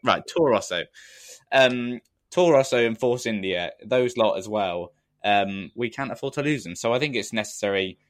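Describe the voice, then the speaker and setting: In a dry, clean studio recording, a man with a lowish voice co-hosts a podcast, speaking animatedly at a normal speed. His casual chat is rambling and self-deprecating, broken up by frequent laughter.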